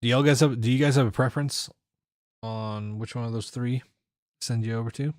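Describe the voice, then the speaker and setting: A man's voice: medium pitch, fairly even intonation, a little fast, a little mellow, dry recording, studio quality. A man streaming games, chatting casually with his viewers, rambling and laughing often. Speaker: game streamer. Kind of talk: casual chat with live chat.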